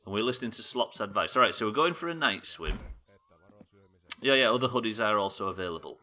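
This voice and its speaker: A man's voice: fairly low pitch, lively intonation, fast talker, bright, forceful tone. A man chatting casually while playing a game on a live stream, swearing and joking as he plans each move. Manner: sweary, joking, thinking aloud. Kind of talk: casual gameplay commentary.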